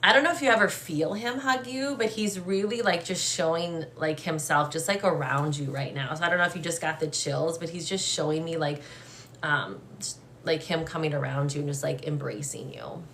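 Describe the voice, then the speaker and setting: A young adult woman giving a live-streamed psychic reading, gentle and emotional, hesitant with many fillers and restarts. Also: low voice, normal speed, slight background noise. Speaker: medium.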